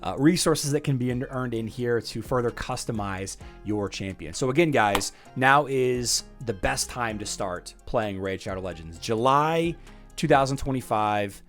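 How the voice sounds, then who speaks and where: A man hosting a game channel, giving an eager, rambling sponsored game guide with restarts. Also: mid-range voice.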